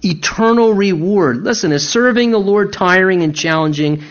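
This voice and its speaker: A man preaching a sermon, earnestly exhorting the congregation, repeating key words and slowing down or speeding up for emphasis. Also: high voice, dull audio. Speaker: pastor.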